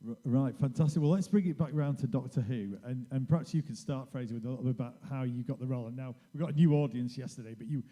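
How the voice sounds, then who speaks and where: A man's voice: mid-range voice, fast talker, hardly any pauses, warm tone. A man hosting a convention panel, asking long, stumbling questions. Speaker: panel host. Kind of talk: interviewing guests on stage.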